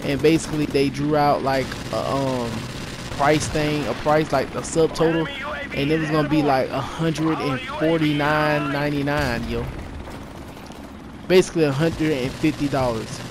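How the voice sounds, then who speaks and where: A man telling a story to his viewers in a casual vlog, animated and rambling, repeating himself and tossing in "yo". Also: on the high side, normal speed. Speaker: YouTuber. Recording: noisy with game gunfire behind.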